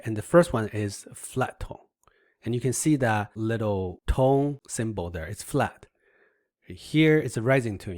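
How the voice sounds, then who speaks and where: A man teaching a language lesson over slides, patiently explaining step by step and demonstrating sounds out loud. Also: mid-range voice, no room sound, clean studio sound.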